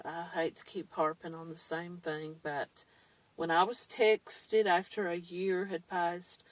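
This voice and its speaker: A woman's voice: on the low side, distant mic, poor audio. A woman talking in a blunt, candid way, with mild swearing, in a casual monologue. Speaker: survivor vlogger. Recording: dry, set back from the mic.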